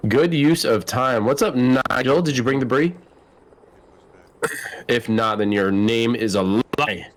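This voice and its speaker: A man's voice: medium pitch, measured pace. A man giving casual esports commentary, joking around and laughing often.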